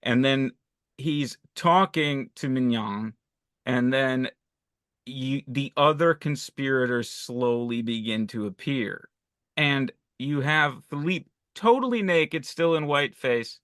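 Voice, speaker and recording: A man's voice: mid-range voice, fairly bright tone, no echo. Dry-voiced man analyzing a film. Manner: thoughtful, analytical, halting with fillers. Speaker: podcast co-host. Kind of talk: casual film discussion.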